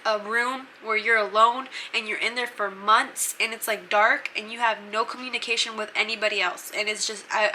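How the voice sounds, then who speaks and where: A woman's voice: a little high, sharp tone, a little hiss or hum. A young woman telling a casual storytime as a vlogger, chatty and full of "like" fillers.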